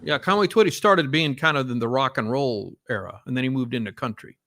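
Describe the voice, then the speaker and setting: Gravelly rambling podcast host. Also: male voice, medium pitch, brisk, pushed and bright, no room sound, studio quality. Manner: rambling, many fillers and restarts. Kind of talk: casual chat.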